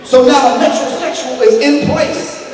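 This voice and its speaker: A man's voice: very high voice, a little slow, music in the background. A middle-aged man giving a fiery, preacher-like lecture, speaking straight to the crowd. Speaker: speaker addressing an audience. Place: large hall with an audience. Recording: echoey hall, voice picked up from far off.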